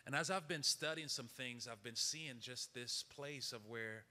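A man preaching a sermon and reading scripture, repeating phrases for emphasis and dropping to a hushed, intense tone. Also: mid-range voice, a little slow, long reverb tail. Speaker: pastor.

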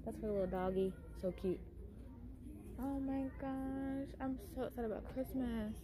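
A woman's voice: on the high side, fairly even intonation, a little slow, background noise. A woman vlogging while she shops, gushing and exclaiming over baby items as a mom. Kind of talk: casual shopping vlog. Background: music.

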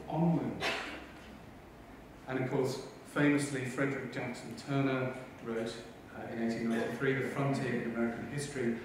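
A man's voice: mid-range voice, noisy background. A man giving a conference lecture, eager and wry, with asides to the audience. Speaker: conference speaker. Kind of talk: lecture talk. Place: conference hall. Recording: echoey hall, heard from a distance.

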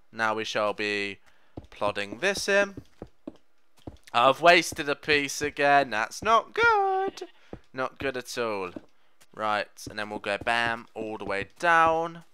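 Lively, bright-voiced young man. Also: mid-range voice, clean tone. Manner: rambling, jokey, talks to the game animals. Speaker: Minecraft let's player. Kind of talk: gameplay commentary.

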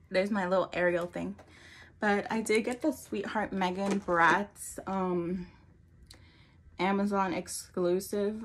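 Young woman vlogger, mid pitch, chatty and rambling haul talk, slightly breathless. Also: slight background noise. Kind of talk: casual haul vlog.

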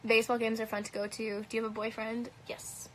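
A woman streams from a phone at arm's length, casually answering comments in a blunt, profane way, her light Canadian accent dotted with "um" and "like." Her fairly high voice is fairly quick with little pitch movement, on a low-quality recording with a little hiss or hum.

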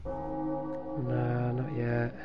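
A man's voice: mid-range voice, monotone, extremely slow, muffled recording, over loud music. A man giving game advice over a call in a rambling, hesitant way.

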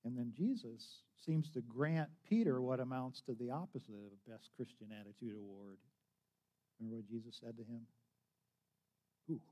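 A man's voice: mid-range voice, normal speed, mellow. A man preaching a sermon as pastor, telling a story conversationally, with frequent restarts and acted-out quotes.

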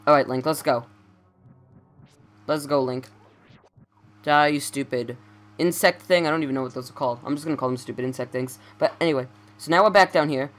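A man's voice: on the high side, fairly quick, long pauses, a bit bright, faint music behind. A young man giving casual let's play commentary, rambling and stammering as he corrects himself.

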